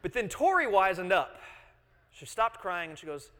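A man's voice: sits high, sing-song, moderate pace, background noise. A man in his thirties preaching a sermon, earnest, explaining and repeating key phrases and putting questions to the congregation. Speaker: pastor. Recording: long hall reverb.

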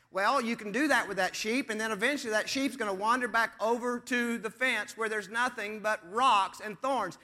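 A man preaching a sermon as pastor, moving between emphatic lines and hushed, slow stress on key words. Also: high-pitched. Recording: long hall reverb.

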